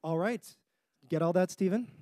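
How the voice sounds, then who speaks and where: A man's voice: sits high, moderate pace, dark tone. Upbeat male comedy show host. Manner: upbeat, directing performers. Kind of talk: live comedy show hosting.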